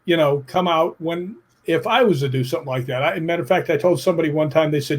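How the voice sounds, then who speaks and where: Animated, plainspoken middle-aged man. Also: fairly high pitch, fast, hardly any pauses. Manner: animated storyteller who acts out quotes; emphatic, plainspoken, casual swearing. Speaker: guest. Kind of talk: interview storytelling.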